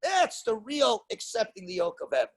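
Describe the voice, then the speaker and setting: A rabbi with a strikingly high voice leads a Torah class. He speaks emphatically, tosses out rhetorical questions and moves between loud stresses and quiet asides. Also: huge pitch swings, moderate pace, husky. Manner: emphatic, rhetorical questions, mixes Hebrew and Yiddish terms. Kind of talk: Torah class lecture to a congregation.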